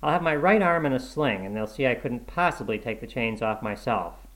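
A man voicing a meek, mild middle-aged daydreamer who speaks quietly, in a storybook reading. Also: mid-range voice, animated, fairly quick, lightly acted.

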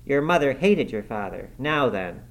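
A man's voice: mid-range voice, sing-song, normal speed, vocal fry, pitched above the performer's own voice. A man doing a whiny sickly boy. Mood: taunting. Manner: petulant, taunting, whimpering. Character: sickly spiteful whining boy.

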